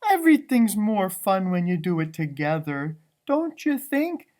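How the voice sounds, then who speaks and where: A man doing a gentle, friendly dog. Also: sits high, very animated. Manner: slow, gentle, apologetic. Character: friendly, chatty female dog, eager to please.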